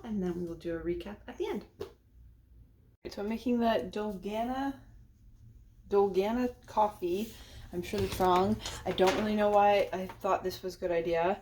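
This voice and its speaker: A woman's voice: fairly low pitch, slight background noise. A woman, a parent, chatting casually and nervously as she cooks, with many ums and likes. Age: adult parent. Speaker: cooking vlogger. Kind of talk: casual cooking vlog chat.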